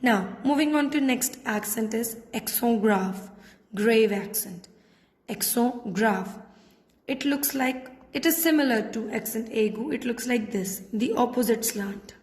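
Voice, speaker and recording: A woman teacher with an Indian English accent, giving a patient classroom lesson and repeating points slowly. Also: on the high side, darkish tone. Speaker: French teacher. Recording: echoey room with long reverb.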